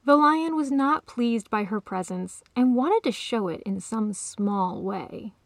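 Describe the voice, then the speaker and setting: Woman author narrating a story, calm, slightly high voice, gravelly fry. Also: slow pace, no echo, studio quality.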